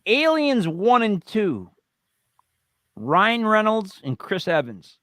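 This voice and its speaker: A man's voice: high voice, wildly swooping pitch, slow, a bit bright, dry recording. A man co-hosting a live online talk show, joking and rattling off lists in casual banter with bursts of emphasis. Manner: playful, jokey, rattles off names with emphatic bursts. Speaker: podcast co-host.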